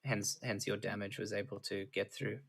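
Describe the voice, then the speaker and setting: A man narrating as dungeon master for a tabletop game, pausing often with fillers and restarts. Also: fairly low pitch, steady tone, gravelly, fairly bright tone, husky. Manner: halting, filler-heavy narration.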